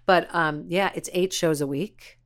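A woman's voice: on the low side, steady tone, measured pace. A woman co-hosting a podcast in casual chat, chatty and playful, laughing often. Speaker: podcast co-host.

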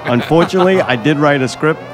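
A man's voice: a little high, fast. A man hosting a casual podcast chat, joking and laughing often. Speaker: podcast host.

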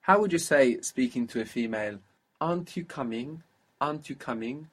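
A man's voice: mid-range voice, lively intonation, normal speed, slightly rough. Patient male language teacher. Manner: patient, prompting and praising the learner. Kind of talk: guided spoken language lesson.

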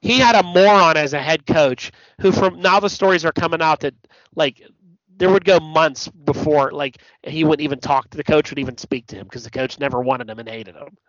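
A man co-hosting a podcast, chatting casually about sports, blunt and profane, telling stories with animated asides. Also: fairly high pitch, fairly quick, dry recording. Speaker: podcast co-host. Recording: dull lo-fi podcast audio, dry.

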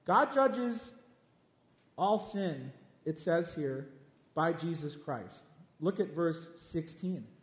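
A man's voice: fairly high pitch, animated, slow pace, pauses often. A man preaching a sermon as a pastor, emphatic and direct, repeating his points at his listeners. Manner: emphatic, repeats lines, speaks straight at listeners. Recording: echoey hall with long reverb.

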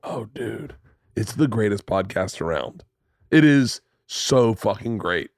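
Male podcast host, 30s, animated swearing storyteller, dry close mic. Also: on the low side, slow, creaky, no room sound. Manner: animated, profane storyteller who acts out quotes. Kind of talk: casual conversation, storytelling. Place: home studio room.

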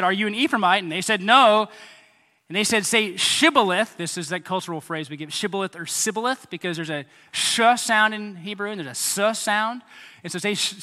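A man preaching a sermon as pastor, animated, acting out voices and making sound effects. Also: sits high. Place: church hall. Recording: hall reverb.

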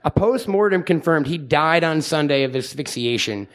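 A man's voice: fairly high pitch, lively intonation, moderate pace, fairly bright tone. A man hosting a comedy podcast, rambling and joking crudely with plenty of fillers. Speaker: podcast host. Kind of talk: casual comedic banter.

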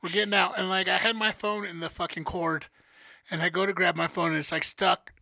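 High gravelly man telling a wild story. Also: a little fast, no echo. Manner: animated, profane, acts out quotes. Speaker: podcast co-host. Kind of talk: casual storytelling chat.

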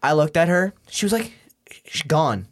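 Animated young man telling a wild story. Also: fairly high pitch, moderate pace. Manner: animated, swearing, laughing often, slangy. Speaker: guest. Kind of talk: casual storytelling chat.

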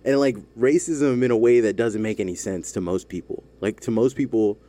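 A man's voice: on the low side, normal speed, warm tone. A man from the United States in a casual comedic chat, rambling, laughing often and trailing off.

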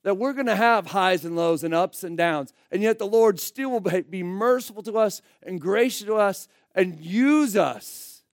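A male pastor preaches in a high-pitched voice, talking to his congregation like a friend. He swings between loud emphatic bursts and quiet asides. The sound is dry and close, with no room echo. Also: lively intonation, normal speed, few pauses. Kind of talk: sermon.

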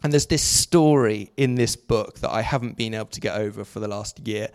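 A middle-aged man preaching a sermon, telling a story with lively, jokey asides. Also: medium pitch.

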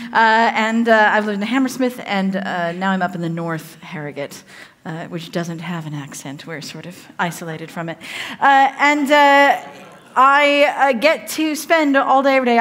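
A woman's voice: medium pitch, fairly bright tone. A woman in her forties with a Southern Californian accent, speaking as a guest pastor and telling a chatty, self-deprecating story in a sermon.

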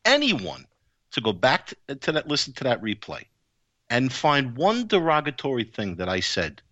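A man co-hosting a podcast, insisting in a measured way that he stayed diplomatic. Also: medium pitch, huge pitch swings, sharp tone, no room sound, lo-fi sound. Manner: measured, insistent defending himself. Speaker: podcast co-host. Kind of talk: podcast discussion.

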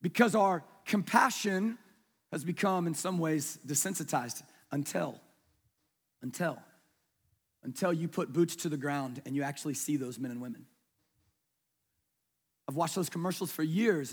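A man preaching a sermon in a conversational way, asking his congregation questions and dropping to a hush for emphasis. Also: on the high side, normal speed, breathy edge. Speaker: pastor. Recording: long reverb of a large hall.

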